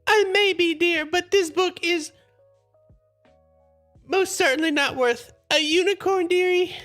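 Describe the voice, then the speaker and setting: A woman's voice: very high-pitched, fairly bright tone, faint music behind, pitched above the performer's own voice. A woman voicing a sweetly menacing old hag who presses tea on her guests and calls everyone dearie. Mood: cloying. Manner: cloying, calls everyone dearie, drawn-out words.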